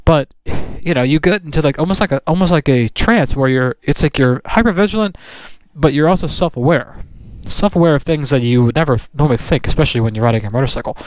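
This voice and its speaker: A fairly high-pitched male voice, free of echo, rambles through a casual motorcycle vlog outdoors, with the speaker riding or parked on his bike. He restarts a lot and uses many fillers.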